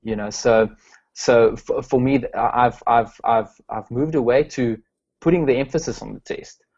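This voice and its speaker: A man's voice: medium pitch, moderate pace, a little mellow, breathy edge, highs cut off. A man from South Africa, a strengths coach, answering interview questions with many fillers and restarts.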